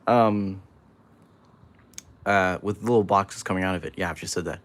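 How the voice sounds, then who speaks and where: A man's voice: low voice, moderate pace. Rambling man on a livestream. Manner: rambling, jokey, reads chat aloud. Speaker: livestream host. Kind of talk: casual livestream chat while building.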